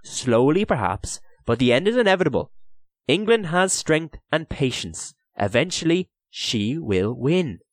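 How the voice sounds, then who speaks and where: A man's voice: on the high side, very animated, normal speed, no echo, clean studio sound, voice pushed up. A man voicing a kindly, patient older official with a lilt, earnest and sorrowful as he pleads. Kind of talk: audiobook character voice.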